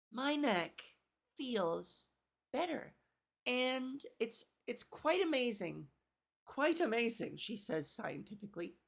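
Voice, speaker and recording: A woman comedian hosting her own podcast, with a cracky voice, rambling and swearing in casual, self-deprecating chat. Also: on the high side. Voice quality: cracky, gravelly voice.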